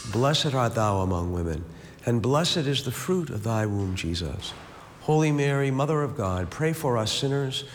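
A man leading a recited rosary, with steady rhythmic prayers that fall at each amen and a slow, reflective meditation. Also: mid-range voice. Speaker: prayer leader. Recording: long reverb, faint background hiss.

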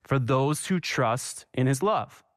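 A man's voice: mid-range voice, animated, takes it slowly, dry recording, clean studio sound. A man preaching a sermon with passion, repeating phrases for emphasis and asking the congregation questions. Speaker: pastor.

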